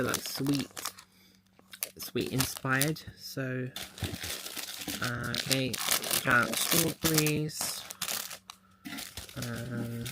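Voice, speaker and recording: An unboxing vlogger chats casually while opening a mystery box, thinking aloud as he handles the packaging. His voice is mid-range, and the recording is very noisy.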